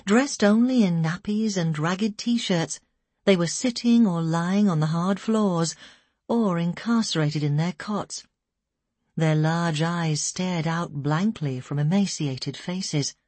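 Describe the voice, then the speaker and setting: Woman reading a story, husky lowish voice, slow and somber, dry close mic. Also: a little mellow, dry recording. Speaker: audiobook narrator. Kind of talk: scripted narration.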